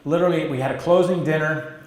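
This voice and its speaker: A man's voice: a little high, fast, roomy sound. A middle-aged man in an interview, telling a long story in a loose, conversational way, full of restarts and acted-out quotes. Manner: rambling with restarts, acts out quoted voices. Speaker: interviewee, entrepreneur. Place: stage or meeting room, event interview.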